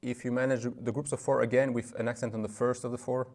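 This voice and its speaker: In a room with a piano, a man whose first language is French talks through practice methods as he plays, his voice medium-pitched, level and fast. He teaches casually in plain, slightly non-native English, tossing in many a "right?", and loud piano playing runs under his speech.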